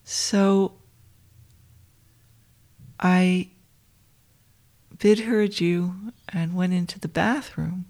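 Slow gravelly-voiced woman telling a story. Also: fairly low pitch, steady tone. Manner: soft and intimate, often dropping to a whisper; addresses listeners as dear friends. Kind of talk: personal storytelling.

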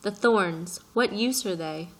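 A woman's voice: medium pitch, slow. A woman voicing an earnest little boy prince who presses his questions with passion in an audiobook reading. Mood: questioning. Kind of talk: audiobook character voice.

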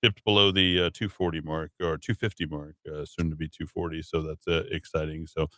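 A man hosting a radio talk show in a rambling, casual way, with lots of fillers and sudden jumps up in pitch when he hands over. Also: flat delivery, brisk, sharp tone, dry recording.

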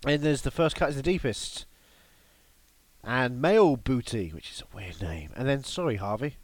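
A man's voice: moderate pace, dry recording. British guy rambling through a jokey podcast chat, voice bouncing all over. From United Kingdom. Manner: jokey, rambling, with lively swings in pitch. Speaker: podcast co-host. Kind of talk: casual comedic podcast chat.

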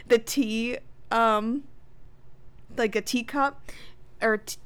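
A woman's voice: fairly high pitch, steady tone, very slow, clear, resonant tone. A young woman co-hosting a casual podcast, animatedly retelling TV scenes and acting out the lines. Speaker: podcast co-host recapping a TV episode. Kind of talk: casual chat.

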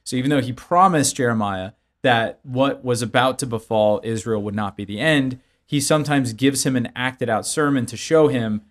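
A man explaining a Bible passage conversationally, with lively everyday examples, on a talk show. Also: mid-range voice, normal speed, hardly any pauses.

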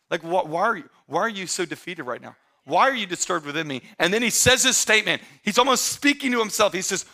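A man preaching a sermon as pastor, talking straight to his church in a conversational way and often rising to emphatic, shouted excitement. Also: fairly high pitch, fast. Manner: conversational, addresses the congregation directly.

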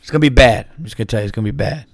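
A man doing an impression of a male president, speaking in a halting, drawn-out way with pauses. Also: medium pitch, creaky, no room sound, studio quality. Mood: mock-serious.

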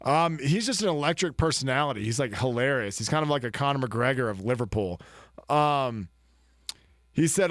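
A man co-hosting a casual sports podcast, rambling and joking with excitement. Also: mid-range voice, moderate pace, no echo, studio quality. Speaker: podcast co-host.

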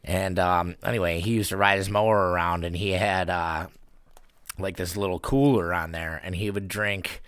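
A man's voice: sits low, fairly even intonation, normal speed, a bit bright, clean tone, dry recording. A middle-aged man chatting casually and telling stories, laughing often and acting out the voices of the people in them. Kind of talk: casual chat, storytelling.

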